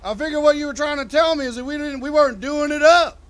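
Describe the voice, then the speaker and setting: A man's voice: very high voice, quick pace, fairly bright tone, voice pushed up. Man doing a clueless, cheerful buddy. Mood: oblivious. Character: laid-back, oblivious young male buddy.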